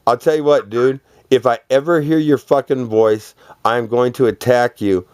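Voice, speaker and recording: A man's voice: mid-range voice, steady tone, moderate pace, a little mellow, clear, resonant tone, dry recording. A man delivering a rambling, profane, boastful monologue, laughing between phrases.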